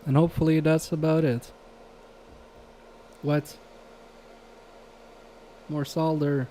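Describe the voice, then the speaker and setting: A man's voice: on the high side, little pitch movement, takes it slowly, long pauses, warm tone. A man chatting casually with his live-stream chat while repairing electronics, joking, swearing and laughing often. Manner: laughs often between remarks.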